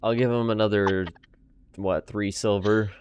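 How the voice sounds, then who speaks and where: A man playing a tabletop game in a quiet, polite voice. He speaks hesitantly and restarts his sentences. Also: on the low side, fairly even intonation, a little slow, smooth, no room sound. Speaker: player. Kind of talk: casual tabletop play.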